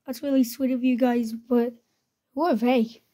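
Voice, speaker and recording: A woman voicing characters in a homemade toy-figure play video, speaking haltingly with fillers and restarts. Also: a little high, steady tone, warm tone. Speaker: creator voicing all the characters.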